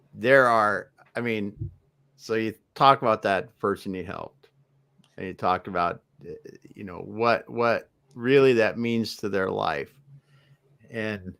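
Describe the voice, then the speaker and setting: A man with a low voice hosts a podcast conversation. He sounds easygoing and reflective and often pauses on fillers. He speaks into a podcast microphone. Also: fairly bright tone, clean tone. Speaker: podcast host. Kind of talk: casual conversation.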